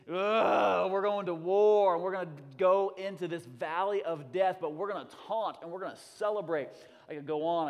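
A man preaching a sermon in a church, an energetic storyteller who mixes jokes into his message. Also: fairly high pitch. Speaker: pastor. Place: church sanctuary. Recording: long reverb of a church hall.

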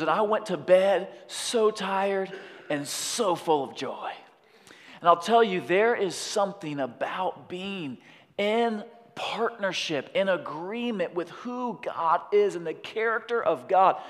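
Preaching man in a reverberant hall. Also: high voice. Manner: storytelling, building to emphatic shouted exhortation. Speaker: pastor. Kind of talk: sermon.

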